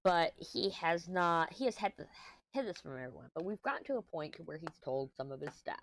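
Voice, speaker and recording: A woman's voice: fairly low pitch, animated, a little fast, a little hiss or hum. A middle-aged woman from Texas with a Texan accent, chatting casually while she crafts. She rambles from topic to topic, swears offhandedly, and sounds a little stuffy. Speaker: craft vlogger.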